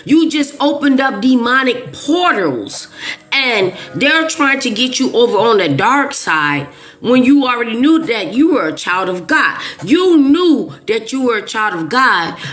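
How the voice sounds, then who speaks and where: A woman's voice: on the high side, very animated, measured pace, fairly bright tone. A woman talking straight to her viewers in a casual monologue. She is emphatic and repeats herself often, with frequent restarts. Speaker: video creator.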